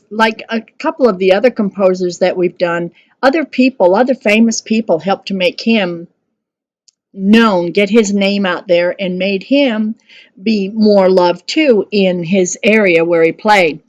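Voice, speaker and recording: Woman, music teacher, conversational lesson, self-correcting, mid pitch, dry close recording. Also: no room sound.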